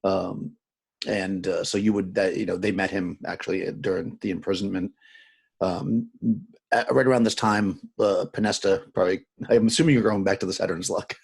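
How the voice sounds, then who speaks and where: A man's voice: low voice, steady tone, normal speed, gravelly, slightly rough. A man running a tabletop game, explaining things to the players with many fillers. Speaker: game master.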